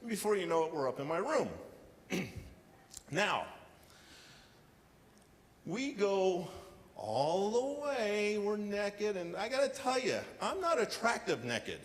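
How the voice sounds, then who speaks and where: A man performing a stand-up comedy set with deadpan storytelling and acted-out quotes, on a casino showroom stage. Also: sits high, takes it slowly, pauses often. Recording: live hall reverb with faint ambience.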